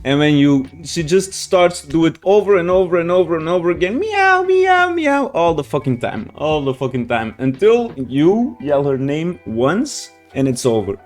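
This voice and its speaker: Casting chatty swearing man, slightly high voice. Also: lively intonation, normal speed, hardly any pauses, a little mellow, soft background music. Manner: rambling, frequent swearing and restarts. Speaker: reaction channel host. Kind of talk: casual storytelling to viewers.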